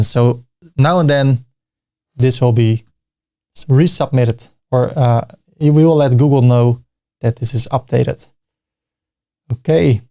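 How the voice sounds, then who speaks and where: Young adult male tutor with a mid-pitched voice, loose and unscripted, narrating his screen step by step. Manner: relaxed, thinking aloud, frequent fillers and restarts. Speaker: tutorial host. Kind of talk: casual screen-recorded software tutorial.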